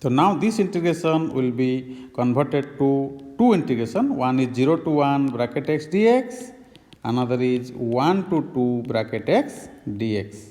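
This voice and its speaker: Slow, methodical male math teacher. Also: medium pitch, animated, mellow, in a large hall, soft background music. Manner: methodical, repetitive explaining. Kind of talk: step-by-step math lesson.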